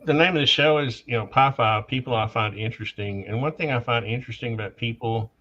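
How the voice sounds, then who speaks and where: A man's voice: mid-range voice, fast talker, pushed and bright. A man, hosting a casual interview in a friendly, joking way. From Tennessee. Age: 50s. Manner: friendly, joking, loose talker. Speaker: podcast host. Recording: dull lo-fi mic.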